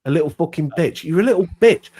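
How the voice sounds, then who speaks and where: A man's voice: a little high, expressive, fast, mellow. Taunting, foul-mouthed man. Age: 40s. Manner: aggressive, profane, taunting. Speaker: caller. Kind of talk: heated online argument.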